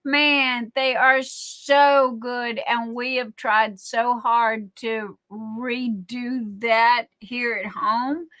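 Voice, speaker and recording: A woman's voice: fairly high pitch, steady tone, extremely slow, few pauses, pushed and bright. A middle-aged woman hosting a livestream, chatting in a rambling way full of fillers and restarts. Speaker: livestream host. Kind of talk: casual chat.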